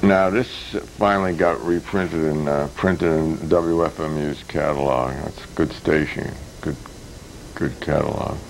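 Older New man, public access host, deep low voice, dry rambling humor, slight hiss. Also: unhurried, vocal fry, rough recording. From United States. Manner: wry, deadpan jokes with many fillers and restarts. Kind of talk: casual rambling commentary.

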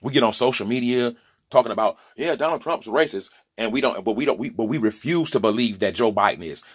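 Husky-voiced man in his forties, fired up. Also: lowish voice, quick pace. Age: 40s. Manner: impassioned, stumbling restarts, preachy asides. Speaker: opinion vlogger. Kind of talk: opinion monologue.

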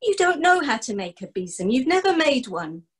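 A woman's voice: high-pitched, sing-song, moderate pace, pitched above the performer's own voice. A woman voicing Donald, a bossy, exasperated crofter who scolds his farmhand. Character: older male crofter, gruff and exasperated.

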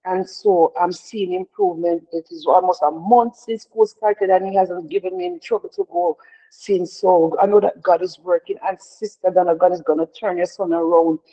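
A middle-aged woman leads a prayer devotion in an earnest, heartfelt way. She often repeats her words as she talks. Her voice is mellow, and the sound is dull and lo-fi. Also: lowish voice, fairly even intonation, normal speed.

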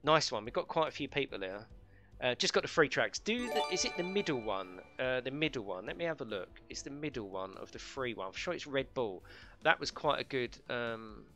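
A chatty man running a live game stream, his voice bright and forceful as he banters, swears lightly and laughs along. Faint music plays behind him. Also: mid-range voice, animated, fairly quick. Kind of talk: casual live-stream chat.

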